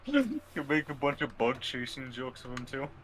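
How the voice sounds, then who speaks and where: A man's voice: mid-range voice, very animated, normal speed. A man chatting with friends over voice chat while they game, making wry, offhand remarks. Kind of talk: casual gaming chat. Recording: noisy voice-chat mic.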